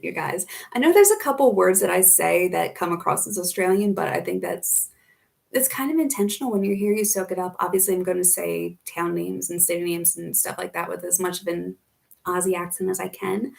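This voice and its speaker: Chatty American woman with a gravelly edge. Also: fairly low pitch, brisk. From United States, Philadelphia area. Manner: chatty, reads out viewer comments and answers them. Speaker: YouTuber living in Australia. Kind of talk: casual live Q&A.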